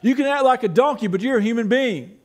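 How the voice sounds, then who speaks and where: Pastor, male, very high voice, relaxed conversational preaching with rhetorical questions. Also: fast. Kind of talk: sermon.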